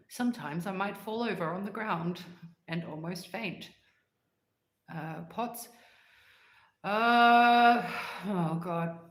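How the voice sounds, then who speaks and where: A woman's voice: mid-range voice, drawn-out words, pauses often, echoey room. A woman hosting a livestream, chatting casually and answering live comments in a rambling way and laughing often. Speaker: livestream host.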